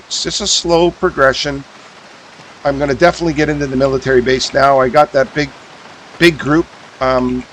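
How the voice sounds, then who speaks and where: A man's voice: medium pitch, a bit bright, slight background noise, low-quality recording. A man streaming a survival game, thinking aloud in casual commentary as he sorts gear, with frequent ums and uhs. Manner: thinks aloud, mumbling fillers while sorting items.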